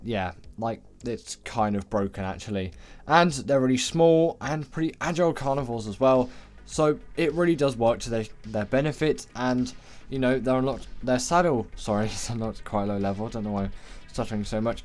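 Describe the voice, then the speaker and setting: A man's voice: mid-range voice, darkish tone. A man talks through a creature ranking for a video game in a loose, chatty way. He wanders off topic and trips over his words now and then. Faint music plays underneath. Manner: chatty, rambling, corrects himself often. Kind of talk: casual game commentary.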